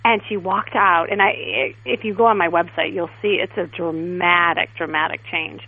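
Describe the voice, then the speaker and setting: A woman guest stylist in a casual interview, telling stories in a chatty, animated way. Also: fairly low pitch, normal speed, breathy edge. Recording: tinny phone line.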